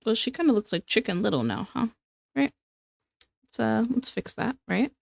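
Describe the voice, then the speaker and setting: A woman's voice: fairly high pitch, animated, moderate pace, gravelly, no echo, studio quality. A young American woman chatting casually with her stream while drawing, rambling and repeating herself with self-mocking asides. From United States.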